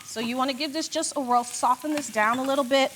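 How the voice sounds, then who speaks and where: A woman's voice: high voice, fast talker, a bit bright, slight background noise. A woman chef doing a cooking demonstration in a studio kitchen, upbeat and gushing. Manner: upbeat, gushing, says "beautiful" a lot.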